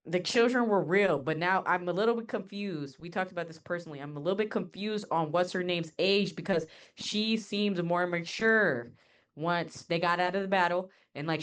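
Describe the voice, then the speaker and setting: A woman co-hosts a casual anime reaction chat in a somewhat low voice. She is blunt and jokey and jumps in with her own points. Her talk is loose and conversational. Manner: blunt, jokey, quick to interject. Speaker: co-host.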